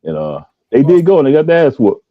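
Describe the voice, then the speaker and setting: Animated man telling a funny story. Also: mid-range voice, quick pace, narrow, tinny audio, a loud crowd. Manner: animated, jokey, acts out the voices in his stories. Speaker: podcast co-host. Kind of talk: animated storytelling in casual chat.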